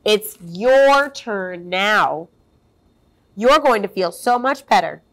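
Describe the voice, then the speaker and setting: A woman's voice: medium pitch, lively intonation, slow. A woman voicing a helpful male sheepdog in a children's storybook read-aloud, earnest and coaxing.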